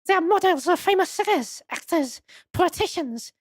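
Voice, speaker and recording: Woman putting on a high, prim museum curator lady. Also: expressive, moderate pace, no echo. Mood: polite. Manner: polite, formal, gently apologetic.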